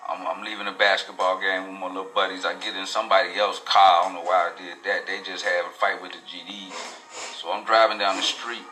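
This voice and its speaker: A man's voice: deep voice, flat delivery, fairly quick, bright, forceful tone, soft background music, low-quality recording. A man telling his own life story in a casual, profane, rambling way, full of street slang. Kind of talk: casual personal testimony.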